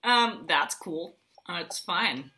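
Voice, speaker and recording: Woman, podcast co-host, wry and dry, articulate, bright voice, a bit low pitched. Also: expressive, slow. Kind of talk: casual podcast chat.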